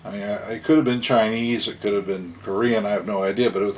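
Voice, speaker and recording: A man's voice: lowish voice, steady tone, fast, a little mellow, slight background noise. A middle-aged man casually telling stories from his youth at home, rambling and chuckling as he acts out voices. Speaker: storyteller. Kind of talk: casual storytelling.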